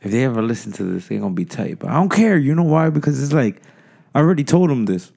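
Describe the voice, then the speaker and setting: A man's voice: mid-range voice, sing-song, fast talker, creaky, a little mellow. A man co-hosting a podcast, ranting in casual chat, rambling, profane and emphatic. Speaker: podcast co-host.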